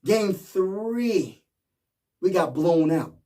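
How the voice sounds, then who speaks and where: A man's voice: sits high, lively intonation, extremely slow, dark tone, far from the mic. Hyped fan man, a bit off-mic. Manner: repetitive, rallying, slangy. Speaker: sports fan vlogger.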